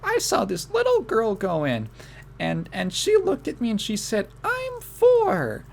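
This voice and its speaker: Guy doing a squeaky old lady voice, super sincere, rambly. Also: wildly swooping pitch, unhurried, creaky, slight background noise, heavily acted. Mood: gushing. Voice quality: high quavering falsetto. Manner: earnest, rambling. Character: chatty sincere older woman, odd.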